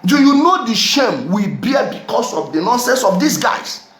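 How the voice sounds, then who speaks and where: A man's voice: very high-pitched, big pitch swings, normal speed, a bit bright. A Nigerian man delivering a heated vlog rant, firing off repeated rhetorical questions. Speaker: vlogger. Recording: roomy echo.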